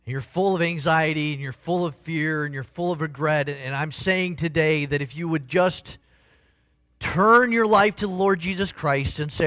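A man's voice: a little high, normal speed, fairly bright tone, no echo, clean studio sound. A man preaching a sermon as a pastor, earnest and conversational, with emphatic swells.

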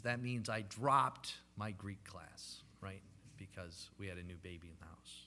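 A man's voice: mid-range voice, sharp tone. A man in his thirties preaching a sermon as a pastor, telling stories in a conversational way with frequent "right?" tags and ums.

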